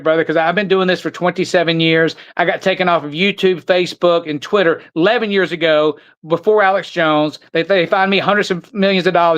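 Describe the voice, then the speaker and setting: An older man speaks as a podcast guest, his voice sitting high for a man. He talks with urgent intensity, restarting sentences and repeating words as he pushes on. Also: fairly bright tone, muffled recording. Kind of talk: podcast conversation.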